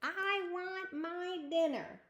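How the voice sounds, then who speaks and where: A woman voicing a sassy, demanding little girl princess in a storybook read-aloud, with a whiny, drawn-out delivery. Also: mid-range voice, lively intonation.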